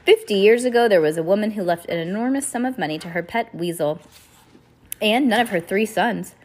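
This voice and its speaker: A woman's voice: medium pitch, expressive, a little fast, darkish tone, lightly acted. A woman reading aloud, voicing an earnest, worried teenage girl with a lightly raised voice.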